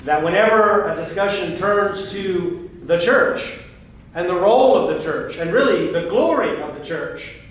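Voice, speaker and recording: A man's voice: sits high, animated, measured pace. Earnest man preaching in an echoing hall. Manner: earnest and emphatic, with frequent restarts. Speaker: pastor. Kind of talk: sermon. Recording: very echoey room, voice far from the mic, faint noise.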